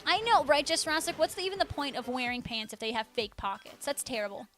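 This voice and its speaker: Over soft background music, a young adult woman streams live in a high-pitched, animated, fast voice with a fairly bright tone. Gushing and bubbly, she reads viewers' messages and names aloud while chatting casually.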